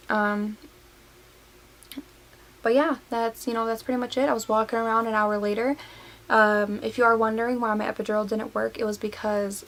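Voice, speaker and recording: A woman's voice: fairly high pitch, creaky, low-quality recording. A nineteen-year-old woman vlogging casually to camera, recounting a personal story with lots of fillers, getting teary and emotional. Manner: emotional, many fillers and likes. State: tearful.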